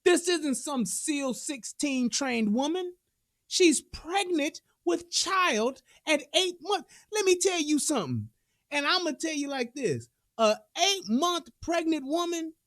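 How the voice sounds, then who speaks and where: A woman in giving a profane, comedic reaction, telling the story with animated asides and laughter. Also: high voice, no room sound, clean studio sound. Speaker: reaction commentator.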